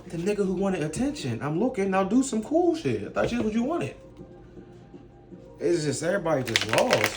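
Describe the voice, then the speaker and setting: A man's voice: sits high, noisy background. A man ranting in a casual vlog, blunt and profane, firing off rhetorical questions. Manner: blunt, profane street talk. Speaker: vlogger. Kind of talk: casual rant to camera.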